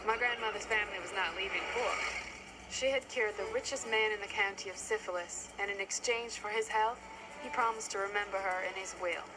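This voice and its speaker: A woman narrating a film as a grown woman recalling her grandmother, in a measured storytelling manner. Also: medium pitch, natural voice, low-quality recording. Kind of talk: scripted film voice-over narration. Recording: film soundtrack with music underneath. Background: film score.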